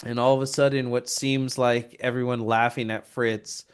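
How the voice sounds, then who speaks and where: A man's voice: mid-range voice, moderate pace, clear, resonant tone. A man co-hosting a podcast, retelling a film plot in casual, profane chat and acting out the characters' lines. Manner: profane, animated retelling with quoted voices. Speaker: podcast co-host.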